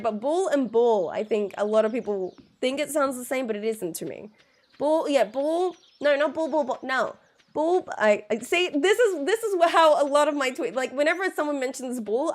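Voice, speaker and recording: A woman streaming a game live, chatting and laughing with viewers, with a blocked nose. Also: a little high. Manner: chatty, giggly, repeats words slowly to show sounds. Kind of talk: casual live stream chat.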